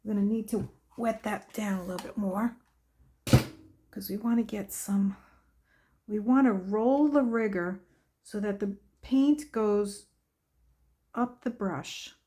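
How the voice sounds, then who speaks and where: A woman's voice: mid-range voice, warm tone. A woman hosting a painting lesson, chatting casually and talking to herself as she works. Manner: slow, chatty, talks to herself while working. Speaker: art tutorial host. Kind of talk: painting demonstration.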